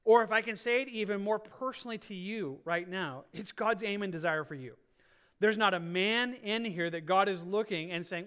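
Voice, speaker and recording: A man's voice: sits high, a bit bright, clean tone. A man preaching a sermon in a church as pastor, earnest, often restarting phrases and drawing out key words. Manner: earnest, repeats and restarts phrases, drawn-out stresses.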